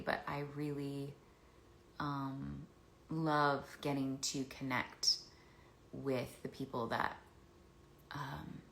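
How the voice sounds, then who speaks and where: Low-voiced woman chatting on a livestream. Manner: rambling and warm, with many restarts and fillers. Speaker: actress answering fan questions. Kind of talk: casual livestream chat. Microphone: phone. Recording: echoey room.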